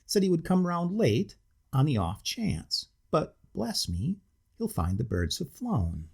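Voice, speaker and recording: A man voicing a deferential, muddle-headed old-fashioned hotel waiter who chats eagerly, with a gravelly, husky voice. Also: on the high side, huge pitch swings, slow pace, pitched above the performer's own voice, heavily acted. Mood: chatty deference. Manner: deferential, chatty, homely.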